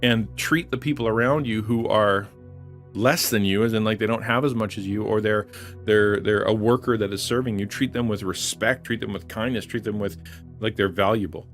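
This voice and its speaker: Earnest low-voiced male preacher. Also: fairly even intonation, normal speed, faint music behind. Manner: earnest, repetitive, emphatic phrasing. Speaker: online pastor. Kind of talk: livestream sermon.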